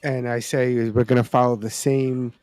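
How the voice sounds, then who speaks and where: A male podcast co-host in relaxed conversation with a mid-pitched voice. He talks in an easygoing way, often stopping and restarting his sentences. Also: normal speed, no room sound. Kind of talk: casual chat.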